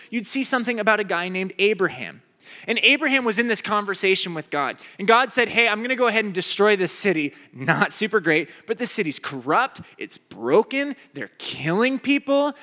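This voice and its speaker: A young man preaching a sermon, animated and acting out the people in his stories. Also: high voice. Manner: animated, acts out voices in stories. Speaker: pastor. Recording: echoey hall.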